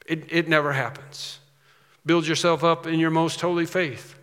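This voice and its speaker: A man's voice: fairly high pitch, fairly even intonation, normal speed, a bit bright, clean tone. A man preaching a sermon as pastor, emphatic, repeating phrases and rising on key points. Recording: reverberant hall.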